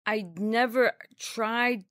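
A woman comedian telling stories in a casual interview, sarcastic and deadpan, acting out people she quotes. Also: a little high, very slow, dry recording, clean studio sound. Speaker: guest comedian. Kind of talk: casual chat with acted-out quotes.

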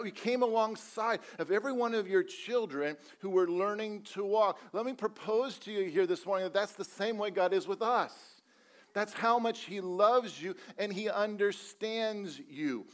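A man preaches a sermon at a church service in a fairly high voice. He talks earnestly and repeats his points, asking the congregation rhetorical questions. Now and then he drops in a light joke. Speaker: pastor.

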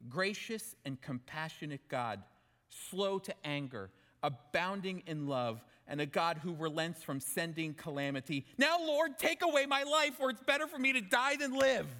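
A man's voice: sits high, expressive, unhurried, pushed and bright, exaggerated voice. A man voicing an indignant, reluctant male prophet, protesting in an exasperated way. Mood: bitter. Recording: long hall reverb.

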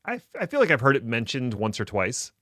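A man's voice: medium pitch, huge pitch swings, brisk, sharp tone, dry recording. A man co-hosting a podcast in a casual chat, adding dry, joking asides. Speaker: podcast co-host.

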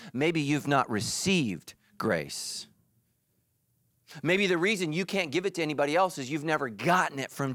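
A middle-aged male pastor preaching with a high, bouncing voice that leaps up and down. He jokes with the congregation and slips into quick put-on voices. The sound is close and dry. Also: no room sound. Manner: animated and joking, acts out quick quoted voices. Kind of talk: energetic sermon. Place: church.

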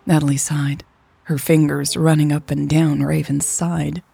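A woman narrating a serialized romance story in a soft, unhurried reading voice. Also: sits low, level tone, gravelly, slightly rough, faint music behind. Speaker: podcast storyteller.

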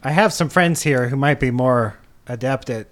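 A man's voice: medium pitch, moderate pace. A man playing a tabletop game, casual and playful. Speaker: player.

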